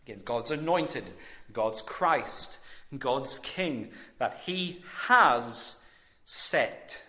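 A man preaching a sermon, measured and emphatic with long pauses. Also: mid-range voice, animated, sharp tone, echoey room.

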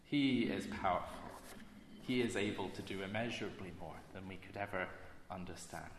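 A man preaching a sermon in an earnest, measured way, slowing down to stress key phrases. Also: sits low, a little hiss or hum. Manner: earnest, measured delivery with slow emphatic phrases. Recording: echoey hall with long reverb.

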